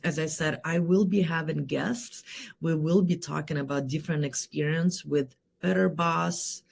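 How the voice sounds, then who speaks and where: A woman hosting a solo leadership talk, energetic and rhetorical, often tagging her points with a quick question. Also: deep voice, gravelly. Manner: energetic, rhetorical, keeps asking "right?". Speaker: host and leadership coach.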